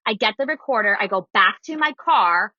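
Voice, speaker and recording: A woman in her thirties, a guest on a podcast, tells a personal story in casual chat with a mid-range voice at normal speed. She's animated and acts out what other people said. The audio is dull, with no room sound.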